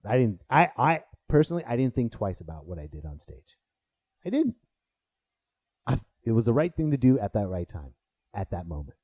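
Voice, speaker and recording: Male comic in his thirties, casual podcast monologue, mellow voice, dry close recording. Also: fairly low pitch, normal speed, no echo. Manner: animated, swearing, rises sharply when riled. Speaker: podcast host and stand-up comedian.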